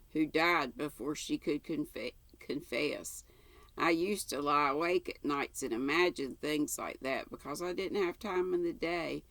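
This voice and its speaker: A woman's voice: deep voice, no echo. An older woman reading aloud and voicing a chatty, imaginative orphan girl in a breathless, eager, rambling way.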